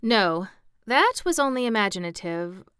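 A woman voicing an earnest, slow-witted male pumpkin-headed wooden man in a storybook reading. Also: mid-range voice, sing-song, sharp tone, clean tone, no room sound, clean studio sound.

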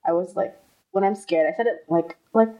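A woman's voice: on the low side, fairly even intonation, brisk, warm tone, low-quality recording. A young woman from the United States co-hosting a podcast, telling a story in a chatty way and acting out the voices of the people in it. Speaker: podcast co-host. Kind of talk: casual chat. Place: room at home.

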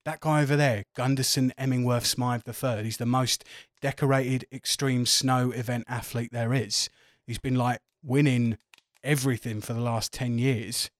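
A man's voice: mid-range voice, steady tone, normal speed, dry recording, clean studio sound, natural voice. A man playing a chatty, foul-mouthed barman who gossips and swears freely. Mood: confiding. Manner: swears a lot, gossipy, confiding.

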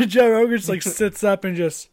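A man's voice: sits high, a little slow. A young man co-hosting a casual podcast, swearing a lot and laughing often as he retells stories. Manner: swears constantly, laughs often, mimics people while retelling. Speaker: podcast co-host. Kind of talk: casual crude banter.

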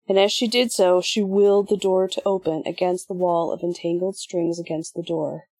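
A woman reading an audiobook in measured, even scripted narration. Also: lowish voice, husky, no echo.

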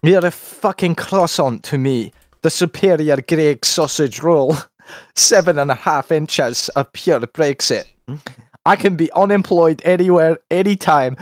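A man's voice: fairly high pitch, unhurried, dry recording, clean studio sound. A British man hosting a livestream, laughing often as he reads out a comic rant and the chat. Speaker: livestream host. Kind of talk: casual stream chat and comic rant reading.

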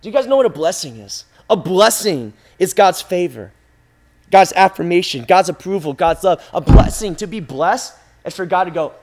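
A male preacher delivers an impassioned sermon full of repetition, moving between hushed, intimate lines and loud, driving ones. His voice sits high and sounds animated, and he speaks at a normal speed.

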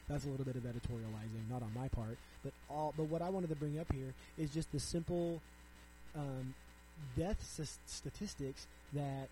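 A man's voice: medium pitch, dark tone, a little hiss or hum, low-quality recording. A young man hosting his own podcast, reading articles aloud and riffing on them in a chatty way full of "like". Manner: chatty, frequent "like", reads articles aloud then riffs. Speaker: podcast host. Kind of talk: casual solo podcast commentary.

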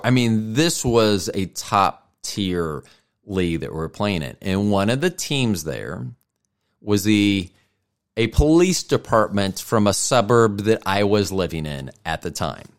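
Cussing podcast guy rambling thru a story, lowish voice that jumps all over. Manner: profane, rambling, heated. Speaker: podcast host. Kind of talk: casual storytelling monologue.

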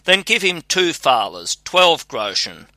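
A man voicing a clever, patient young scholar talking to his father in a read-aloud fairy tale, calm and reassuring. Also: a little high, takes it slowly, no echo, voice pushed up, full character voice.

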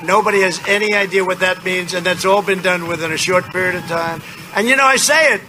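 A man's voice: sits high, quick pace. A man giving a rambling, boastful campaign rally speech, repeating his phrases, outdoors. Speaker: political candidate at a campaign rally. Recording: loud outdoor noise behind.

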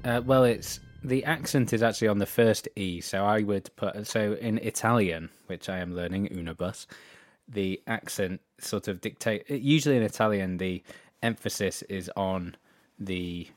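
A man's voice: on the low side, measured pace, hardly any pauses, no room sound. A British man co-hosting a music radio show, chatting casually between tracks in a rambling, self-correcting way. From Britain.

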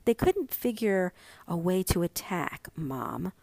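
A woman voicing an excitable, scheming little girl who talks eagerly and a bit whiny in a storybook reading. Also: fairly low pitch, takes it slowly, vocal fry, no room sound, heavily acted. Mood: excited.

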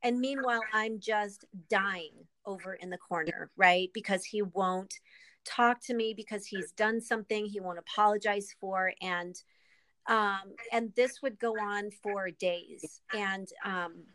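A woman guest and author in a candid interview, speaking earnestly and with emotion, often pausing with ums and restarting. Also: medium pitch, steady tone, a bit bright, no echo, low-quality recording.

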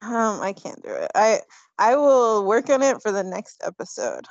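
A woman co-hosting a podcast in casual chat, playful and quick to laugh. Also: medium pitch, very animated, creaky, dry recording, muffled recording. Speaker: podcast co-host.

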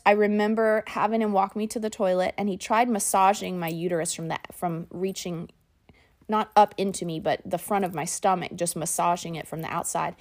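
Animated woman telling a story. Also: on the low side. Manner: animated, laughing, says "y'all", acts out her own and her husband's lines. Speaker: mother telling her birth story. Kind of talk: personal storytelling.

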